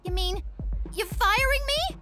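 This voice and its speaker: Shrill spoiled cartoon teen girl. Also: lively intonation, unhurried, over loud music. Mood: outraged. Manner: petulant, swings between tantrums and gushing. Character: spoiled teenage daughter, dramatic and whiny.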